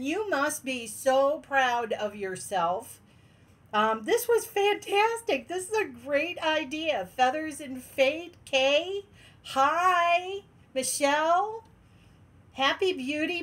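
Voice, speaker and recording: A woman's voice: high voice, fairly bright tone. A woman hosting a casual livestream from her den at home, bubbly and laughing often as she greets viewers one by one. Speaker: livestream host.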